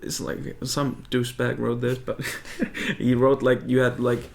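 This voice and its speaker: A man, a comedian guest, spinning deadpan, absurd tall tales in casual banter. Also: mid-range voice, unhurried, creaky. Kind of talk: improvised comic storytelling.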